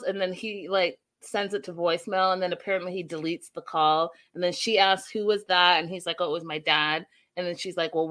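A young adult woman hosting a casual livestream recap, chatting with viewers and acting out quotes in an animated way. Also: mid-range voice. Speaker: show recap host.

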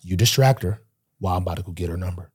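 His voice husky and racing, a young man who plays pro football and hosts a podcast tells a story in relaxed chat. He plays out the other people's lines animatedly, swinging his pitch widely.

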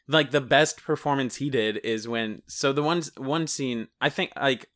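A man co-hosting a podcast, chatting casually about a movie and retelling scenes in a rambling, animated way, swearing and laughing often. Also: mid-range voice, a little slow. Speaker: podcast co-host reviewing a movie. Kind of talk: casual chat.

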